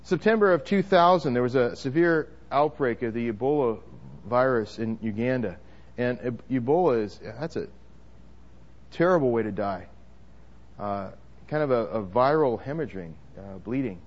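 A man's voice: medium pitch, animated, normal speed, highs cut off. A man preaching a sermon to a congregation, emphatic, with frequent restarts and repeated words. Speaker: pastor.

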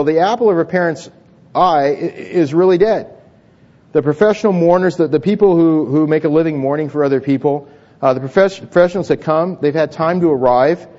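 A man with a high voice preaches to a congregation in a church hall. He talks conversationally, tripping over repeated words and restarting his sentences. The recording sounds dull and lo-fi. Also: lively intonation, fairly quick, darkish tone. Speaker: pastor. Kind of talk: sermon.

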